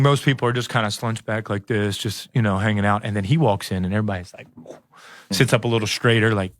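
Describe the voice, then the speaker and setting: A man in his thirties, a podcast guest, telling a story in relaxed casual talk with lots of "like" and "you know". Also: lowish voice, no echo, clean studio sound. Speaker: podcast guest, former football player.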